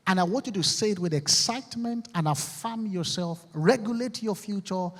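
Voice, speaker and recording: In a large, echoey university auditorium with long reverb, a man from Nigeria gives a rousing motivational speech. His voice sits high at a moderate pace, and in a preacherly manner he leads the audience in call-and-response affirmations.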